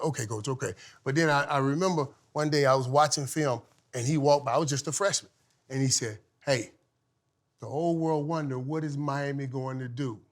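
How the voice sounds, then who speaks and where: Middle-aged guy on a podcast, big animated storyteller, laughs a lot, gets loud then real quiet. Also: mid-range voice, vocal fry. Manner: lively, laughs often, swings from loud to hushed. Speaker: podcast guest, former football player. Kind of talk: animated storytelling in casual chat.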